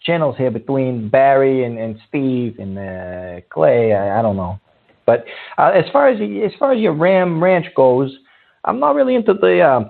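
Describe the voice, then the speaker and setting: Man, radio host, gravelly, tinny phone sound, exasperated. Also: medium pitch, sing-song, moderate pace. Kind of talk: comedic call-in radio bit.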